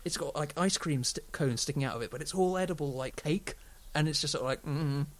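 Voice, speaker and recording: A man's voice: on the high side, fast talker. A young man co-hosting a casual podcast chat, rambling and laughing as he recalls a show. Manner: rambling, laughing, quotes people in silly voices. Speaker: podcast co-host.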